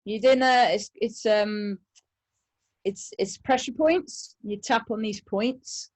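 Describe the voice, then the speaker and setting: A woman's voice: a little high, fairly even intonation, slow pace. A woman guest in a casual video chat who talks hesitantly, with many fillers and restarts.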